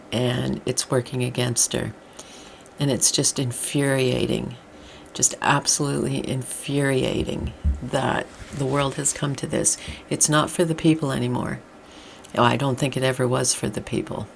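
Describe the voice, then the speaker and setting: A middle-aged woman vlogger with an ordinary mid-pitched voice launches into a blunt, exasperated rant. Her voice has a gravelly, creaky edge, and a faint hiss of noise runs beneath it.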